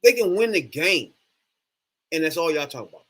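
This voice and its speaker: Animated man ranting with a bright voice. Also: a little high, moderate pace, husky. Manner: animated, profane, exasperated ranting. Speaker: sports fan vlogger. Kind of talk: casual ranting monologue.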